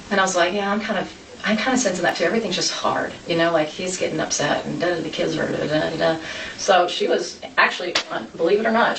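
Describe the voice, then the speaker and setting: This interview guest has a lowish, fairly bright voice. She rambles through her own life story, restarting frequently and reenacting conversations, captured from afar in a reverberant room with slight background noise.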